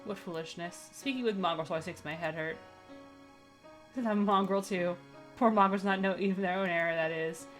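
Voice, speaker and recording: A woman's voice: on the low side, normal speed, soft background music, lightly acted. A woman voicing a proud, aloof young aristocrat pigeon in stiff, formal speech. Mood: scornful. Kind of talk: reading game dialogue aloud.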